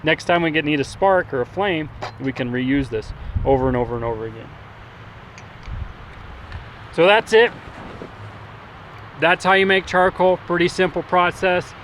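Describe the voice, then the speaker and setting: Male outdoor survival instructor, slightly high voice, halting, filler-heavy delivery, noisy windy outdoor recording. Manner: relaxed, halting, with many fillers and restarts. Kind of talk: outdoor demonstration. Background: wind and outdoor noise.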